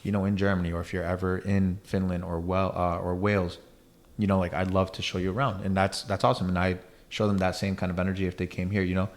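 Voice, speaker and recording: A man's voice: low voice, flat delivery, fast talker. A young man hosting a podcast, chatting loosely and often asking "you know what I'm saying". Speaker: podcast host. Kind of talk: casual chat.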